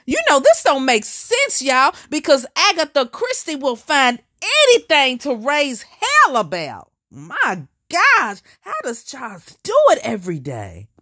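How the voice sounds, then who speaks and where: A woman's voice: sits high, huge pitch swings, a little slow, hardly any pauses, bright, forceful tone. A woman giving teasing, mocking reaction commentary and talking straight to her viewers. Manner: sassy, teasing, talks to viewers as y'all.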